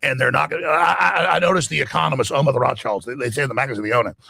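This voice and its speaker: Man, gravelly raspy voice, emphatic rant, dry sound. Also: medium pitch, rapid-fire, pushed and bright, no echo. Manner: emphatic, acts out quoted voices. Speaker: talk show guest. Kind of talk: excited ranting monologue.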